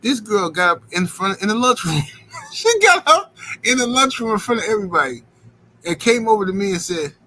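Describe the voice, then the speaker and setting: A man's voice: sits high, big pitch swings, fairly quick, sharp tone, rough recording. A man hosting a boxing livestream, rambling in slangy casual chat and filling it with "you know what I'm saying.".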